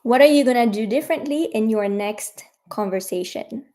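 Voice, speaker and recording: Speaking at a normal pace, this woman has a slightly high, mellow voice. She's a native French speaker with a French accent, hosting a casual livestream where she chats with viewers directly, teaching and encouraging them.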